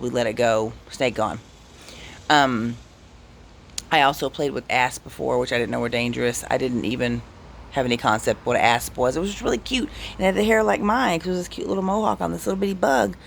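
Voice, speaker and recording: A man with a gravelly, fry-laden voice, pitched a bit above the usual for men. He tells his stories in a loose, rambling way, breaking off mid-thought and circling back. It sounds like an informal vlog monologue. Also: brisk, slight background noise. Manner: rambling, self-interrupting, animated anecdotes. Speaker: vlogger. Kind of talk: casual storytelling.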